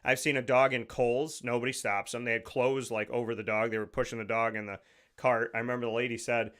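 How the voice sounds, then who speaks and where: A man's voice: mid-range voice, flat delivery, a little fast, fairly bright tone. Male show host, casual monologue, digressive and jokey, mid-range voice, studio mic. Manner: rambling, digressive, jokey storytelling. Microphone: studio microphone.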